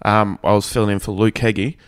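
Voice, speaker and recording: A comedian chatting on a podcast, telling a joking anecdote in a dry way. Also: male voice, fairly low pitch, fairly even intonation, a little fast. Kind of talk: casual chat.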